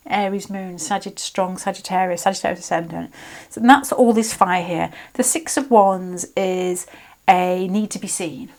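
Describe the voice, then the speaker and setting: A woman's voice: fairly low pitch, moderate pace. A British woman giving a casual, rambling tarot reading, often breaking off and restarting her sentences. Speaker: tarot reader.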